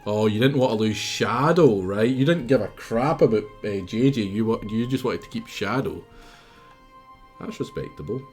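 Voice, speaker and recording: Animated Scottish man streaming a game. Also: lowish voice, moderate pace, soft background music. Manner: animated, chatty, teasing. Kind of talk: casual live-stream chat with viewers.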